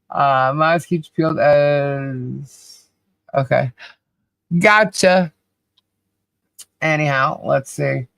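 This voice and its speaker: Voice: mid-range voice, expressive, very slow, gravelly, pauses often, fairly bright tone, no room sound. A podcast co-host chatting casually on a livestream, cheerfully calling out viewers' names and laughing often.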